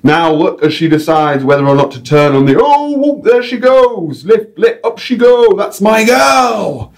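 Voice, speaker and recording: A man reading aloud voices an excitable, crude, red-faced male bird-show guide with a Northern English accent. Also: high-pitched, measured pace, voice pushed up, exaggerated voice. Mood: excited commentary. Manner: exclaiming, commentating on a microphone.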